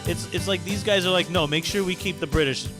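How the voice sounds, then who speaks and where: A man co-hosting a casual music podcast, excitable and swearing casually. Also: high-pitched, fairly quick. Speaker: podcast co-host. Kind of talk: casual chat about music. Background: loud music playing.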